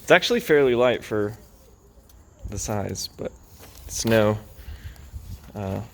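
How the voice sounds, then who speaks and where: A man narrating a casual vlog as he preps and flies a paramotor outdoors, chatty and easygoing, getting excitable in flight. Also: on the low side, slow pace. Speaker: paramotor pilot vlogger. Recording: loud wind and engine noise outdoors.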